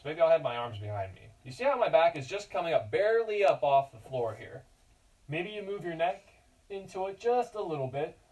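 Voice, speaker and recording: A man's voice: on the high side, sing-song, fairly quick, a little mellow, far from the mic, low-quality recording. A man teaching a yoga class for children, giving cues in an encouraging, playful way and chatting to his dog between poses. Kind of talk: guiding a kids yoga class.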